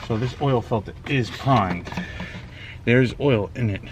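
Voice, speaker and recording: Fairly low-pitched and unhurried, a man works on his own oil change on the street beside his car. He casually narrates for viewers and curses in frustration, amid the noise of passing cars.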